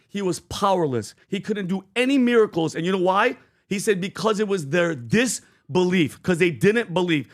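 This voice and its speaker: A fervent man with a high voice, co-hosting a podcast. He preaches in loose casual talk, full of fillers and restarts. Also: a bit bright. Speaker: podcast co-host. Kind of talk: animated casual podcast talk, retelling scripture.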